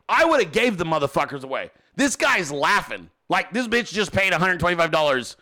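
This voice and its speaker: A man hosting a podcast who tells a story as an animated, exasperated rant full of cursing. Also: high-pitched, moderate pace, few pauses. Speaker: podcast host.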